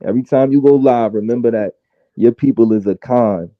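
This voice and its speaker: A man's voice: mid-range voice, a little fast, dry recording. A man mocks and needles others in a heated live-stream argument. He comes through a tinny, phone-like line, and the sound is dry and close. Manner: taunting, talks over others.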